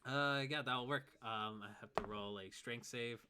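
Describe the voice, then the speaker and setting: A man's voice: medium pitch, a little slow, sharp tone. A man narrating as game master of a tabletop game, laid-back, chuckling and counting out movement.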